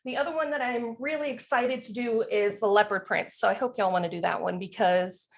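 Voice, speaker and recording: A woman's voice: fairly high pitch, fairly quick. A woman teaching an online cookie decorating class over a video call, upbeat and encouraging, laughing often.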